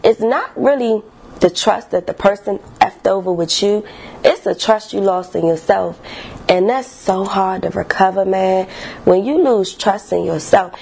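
A woman talks straight to her viewers about her own life in a loose, candid vlog. Her voice is husky and sits at an ordinary pitch. She is animated and conversational, drops into slang and lets the odd swear word slip. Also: unhurried. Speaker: vlogger sharing personal experience. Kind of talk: candid casual talk to camera.

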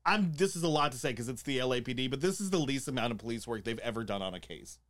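A man's voice: mid-range voice, lively intonation, fast talker, fairly bright tone. A man co-hosting a true-crime podcast, chatting casually and ranting in a profane, opinionated way. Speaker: podcast co-host.

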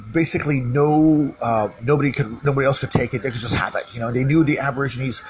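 A man's voice: mid-range voice, a little hiss or hum, low-quality recording. Rambling man in a loose solo monologue. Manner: rambling, full of fillers and restarts, repeats himself.

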